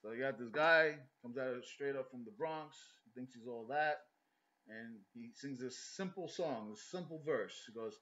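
A man's voice: medium pitch, normal speed, a bit bright, muffled recording. A man in his late thirties chatting casually with strangers online, joking and crude. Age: 30s. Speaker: prank video host.

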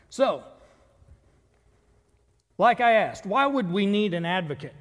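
A man's voice: high voice, expressive, slow pace, pauses often. A man preaching a sermon in a church, reading scripture in an earnest, conversational way. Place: church sanctuary. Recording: long reverb of a church hall.

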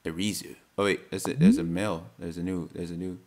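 Excitable man doing gameplay commentary. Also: deep voice, fairly quick. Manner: excitable, bursts into loud yells, reads messages aloud. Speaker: let's play host.

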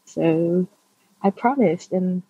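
A woman telling a relaxed, self-mocking story about discovering a book. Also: lowish voice, slow, muffled recording. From Australia. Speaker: fan group admin. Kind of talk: casual storytelling.

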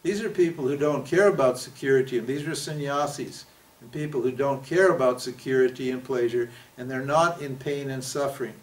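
A man gives a spiritual teaching talk in a loose, conversational way. He keeps turning questions to his listeners and acts out the prayers people make. His voice sits at a middle pitch and is picked up from some distance away. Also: fairly quick.

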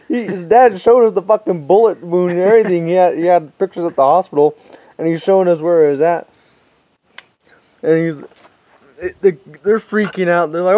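A man's voice: a little high, normal speed, a little mellow, no echo, lo-fi sound. A man telling a rambling, profane story with frequent laughter. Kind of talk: casual anecdote.

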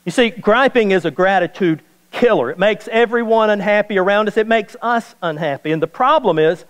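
High-voiced preacher in a reverberant church. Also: male voice, a little fast. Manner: folksy, animated preaching with repetition and asides to the congregation. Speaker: pastor. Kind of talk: sermon. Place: church sanctuary.

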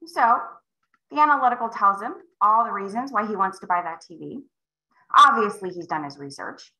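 Acting out short scenes as she teaches, a woman in her forties trains real estate agents live online, shifting voices for each line of dialogue in animated storytelling. She has a mid-range voice at a moderate pace, captured in a rough recording from an echoey room.

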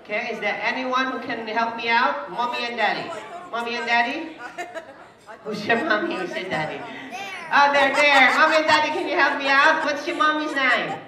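A woman with a Filipino accent works as a party magician, teasing and coaxing the children playfully through her tricks at a live kids' show. Her voice sits on the high side and moves at a normal speed. She is recorded far from the mic in an echoey party hall, with music and crowd noise around her.

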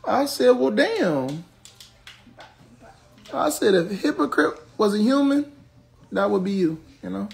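Young man ranting on a livestream, gravelly and high. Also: very animated, measured pace, long pauses. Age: 20s. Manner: blunt, profane, ranting at commenters. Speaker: social media personality on a livestream. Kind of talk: venting on a livestream.

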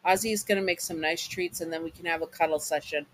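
A man reading the lines of a gentle, protective male imp jester in a soft, reassuring way within a story. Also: a little high, steady tone, fast talker, no room sound, lightly acted, rough recording.

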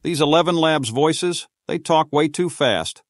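A man's voice: a little high, measured pace, dry recording, studio quality. A man breaking in with blunt, skeptical, grumbling remarks. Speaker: skeptical interjector.

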